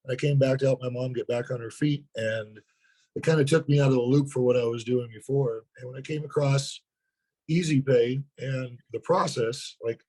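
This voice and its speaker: A hoarse man, a sales partner, talking earnestly in a webinar interview and often repeating words as he starts a thought. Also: mid-range voice, steady tone, normal speed, warm tone, poor audio. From North Dakota.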